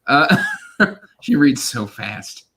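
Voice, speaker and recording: A man hosts a casual livestream with a bright, forceful tone. He chats loosely and pokes fun at himself, hesitating with plenty of fillers. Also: medium pitch, sing-song, drawn-out words, husky. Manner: chatty, self-deprecating, hesitant with fillers. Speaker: livestream host. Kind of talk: casual chat.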